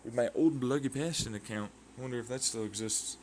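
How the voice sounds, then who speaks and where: A man's voice: mid-range voice, brisk, darkish tone, slight background noise. A man from Arizona with an American accent, rambling casually in a monologue, repeating fillers and jumping between ideas. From Arizona, United States. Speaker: vlogger.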